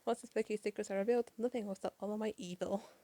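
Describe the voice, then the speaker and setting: A woman's voice: mid-range voice, steady tone, quick pace, warm tone, no room sound, natural voice. A woman reading a smug rhyming witch.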